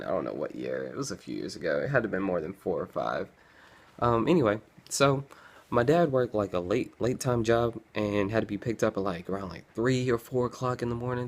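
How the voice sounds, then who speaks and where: A young man tells a rambling story on his vlog, slipping into groans and sighs as he plays his tired younger self. His voice sits a little low, and the talk is loose and chatty. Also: gravelly. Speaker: vlogger. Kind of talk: casual storytelling.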